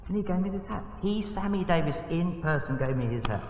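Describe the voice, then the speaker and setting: A British man doing theatrical comic banter as a guest entertainer, bursting into loud rhetorical outcries. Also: sits high, lively intonation, brisk, slight background noise. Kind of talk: comic stage banter on a TV variety show. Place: TV studio stage. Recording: echoey, distant, dull lo-fi 1960 TV broadcast.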